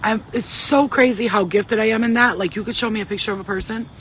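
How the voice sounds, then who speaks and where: A man channeling spirit messages in a casual, rambling vlog monologue, profane and excitable, jumping between stories. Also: high-pitched, slight background noise, rough recording. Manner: profane, rambling, excitable, talks in quick digressions.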